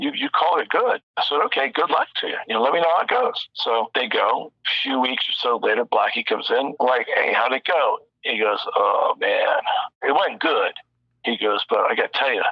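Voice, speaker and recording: This is a man at mid pitch, spinning a long, loose story as a guest, doubling back on himself and cursing freely as he goes. His voice comes through a dull, muffled, lo-fi connection. The sound is dry with no room around it. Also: dry recording. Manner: rambling, animated anecdote-telling with frequent restarts and profanity. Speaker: recording engineer and producer, guest. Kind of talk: casual storytelling interview.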